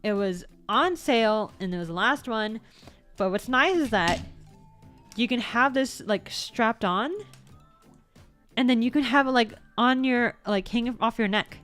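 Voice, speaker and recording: In a casual show-and-tell, a US-based woman VTuber talks about her purchases in a fairly high, slightly bright voice at a measured pace. She wanders, fixes her own words mid-stream, and lets the occasional swear slip. There's faint background music.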